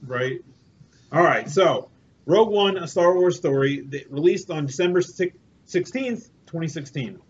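Higher-voiced man hosting a casual podcast. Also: animated, unhurried. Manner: loose, profane, restarts often. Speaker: podcast host. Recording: dull lo-fi recording with faint hiss.

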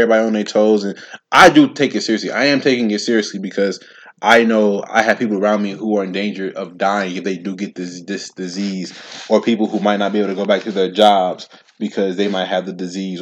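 A man's voice: fairly low pitch, muffled recording. Slangy young man on a solo rant. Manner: animated, repeats himself, slangy, talks straight to listeners. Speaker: podcast host. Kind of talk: casual solo commentary.

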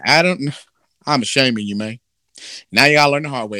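A man's voice: mid-range voice, moderate pace, long pauses, no echo, studio quality. A man telling a story in casual comedic chat, acting out characters' voices, swearing freely. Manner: animated storytelling, acts out voices, profane.

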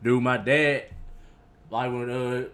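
A man's voice: mid-range voice, fairly even intonation, slow pace, a bit bright. A young man co-hosting a casual sports chat in a laid-back, laughing way. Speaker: podcast co-host.

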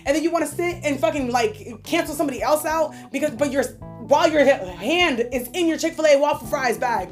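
A woman's voice: high voice, expressive, fairly quick, soft background music. A woman co-hosting a casual podcast, ranting heatedly and swearing freely. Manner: profane, heated ranting with frequent laughter. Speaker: podcast co-host.

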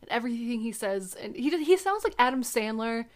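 A woman's voice: fairly high pitch, sing-song, a little fast. Chatty young woman co-host, casual swearing. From upstate New York. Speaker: podcast co-host. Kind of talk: casual chat.

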